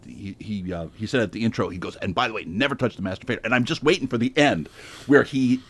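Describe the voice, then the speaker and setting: A man on a panel telling an animated story, full of restarts and self-interruptions. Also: mid-range voice. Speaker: panelist and trainer.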